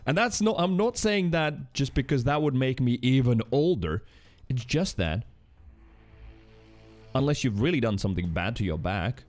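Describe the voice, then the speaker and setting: A man's voice: medium pitch, darkish tone. A man streaming from home, chatting casually with viewers and reading chat aloud with teasing banter.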